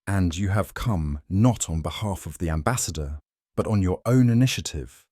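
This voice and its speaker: A man reads as a sharp, coolly observant detective with a deep, low voice. He speaks in a crisp, measured, faintly wry way. The sound is dry and close. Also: no room sound.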